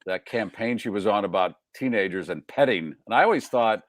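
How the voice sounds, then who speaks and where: A man's voice: fairly low pitch, animated, fairly quick, no echo. Wisecracking male host, dry studio sound. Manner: wisecracking, reads off listener check-ins. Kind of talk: casual live show banter.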